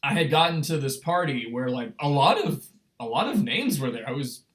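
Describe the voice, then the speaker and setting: A young man telling a story on a casual livestream, rambling and excitable, full of fillers and restarts. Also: mid-range voice, normal speed. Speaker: streamer.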